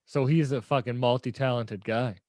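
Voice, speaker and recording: A man's voice: mid-range voice, fairly even intonation, moderate pace, a little mellow, dry recording. A man hosting a podcast, asking short, casual questions. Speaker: podcast host. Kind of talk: casual interview chat.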